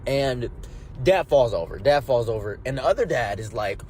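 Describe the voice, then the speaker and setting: A man casually telling wild personal stories, animated and exaggerated, swinging between mumbled asides and excited outbursts. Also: mid-range voice, moderate pace, slight background noise. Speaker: commentary streamer. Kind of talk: casual storytelling.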